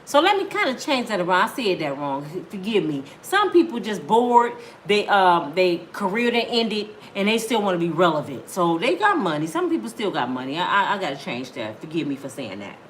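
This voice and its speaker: A woman's voice: on the low side, sing-song, normal speed, few pauses, slight background noise. A woman in her fifties hosting a celebrity gossip channel, chatty and talking straight to her viewers.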